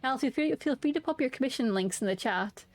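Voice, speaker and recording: A woman's voice: sits high, lively intonation, brisk, no echo, soft background music. A young woman streaming casually, chatting to her viewers and humming filler tunes between remarks. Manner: bubbly, hums and sings filler tunes. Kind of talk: casual live-stream chat.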